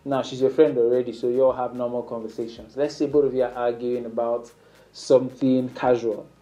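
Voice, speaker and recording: A man's voice: level tone, a little fast, dark tone, lo-fi sound. A man talking casually to the camera, giving flirting advice in an instructive way. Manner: instructive, acts out sample lines in a higher playful voice. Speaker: dating advice speaker.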